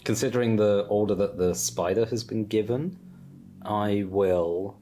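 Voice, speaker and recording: A man playing a tabletop game, relaxed and wry as he explains his moves. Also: fairly low pitch, unhurried, slight background noise. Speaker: player. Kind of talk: casual tabletop game play.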